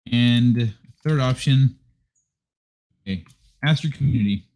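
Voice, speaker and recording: A man's voice: medium pitch, unhurried, darkish tone. A man hosting a casual livestream chat, rambling and talking to himself while he sets things up. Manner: chatty, rambling, self-talk while setting up. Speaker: livestream host.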